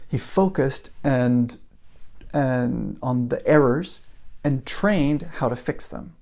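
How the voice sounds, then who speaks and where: A man's voice: medium pitch, slow pace, creaky, a little mellow. A man giving a casual motivational talk, telling a story and building it up with repeated phrases. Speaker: motivational speaker.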